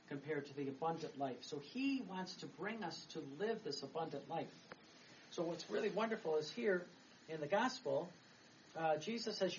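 Rambling priest heard from a distance. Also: male voice, fairly high pitch. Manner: rambling and chatty, with laughs and restarts. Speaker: Catholic priest. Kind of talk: homily. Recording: distant mic, dull sound, faint background noise.

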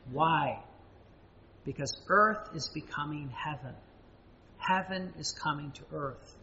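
A man preaching a sermon, emphatic and repetitive, with dramatic pauses and sudden rises. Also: high voice, sharp tone, long reverb tail, dull audio.

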